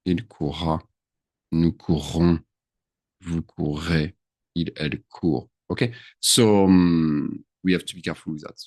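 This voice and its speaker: A man, his voice pitched very low, teaches a grammar lesson in a loose, chatty way. He thinks out loud and drops words into his English. The sound is dry and close, with no room echo. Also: steady tone, measured pace. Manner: chatty, thinks aloud, mixes French into English. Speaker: French teacher. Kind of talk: screen-share grammar lesson.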